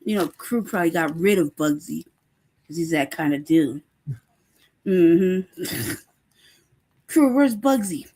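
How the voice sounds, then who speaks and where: This host has a lowish voice and takes things slowly, with long pauses. She runs a casual live chat, laughing often, swearing freely and telling stories with animation.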